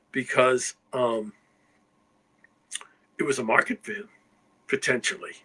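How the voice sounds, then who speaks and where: A man's voice: mid-range voice, fairly even intonation, measured pace, long pauses, pushed and bright, husky, low-quality recording. An older man, a guest writer, telling anecdotes in a rambling conversational way, often checking in with "you know" and "okay?". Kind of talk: casual anecdotal storytelling.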